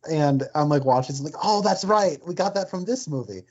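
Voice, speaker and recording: A man's voice: on the high side, lively intonation, fairly quick. A man co-hosting a podcast, chatting about a film full of fillers and quoting favourite lines. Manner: chatty, quotes lines in silly voices, filler-heavy. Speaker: podcast co-host. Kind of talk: casual film discussion. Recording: dull lo-fi sound.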